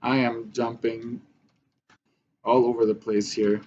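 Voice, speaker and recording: A man's voice: medium pitch, flat delivery, slow pace, a little mellow, dull audio. A man teaching a math lesson step by step, often checking in with "right?" as he works through the numbers. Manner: talks through steps, frequent "right?" checks.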